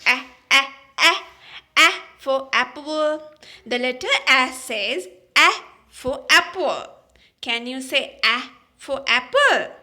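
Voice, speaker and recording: A woman teaches a phonics lesson to young children in a high, very bright voice. She goes slowly and drags out each sound, repeating letters and words over and over. She stumbles and restarts now and then. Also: animated.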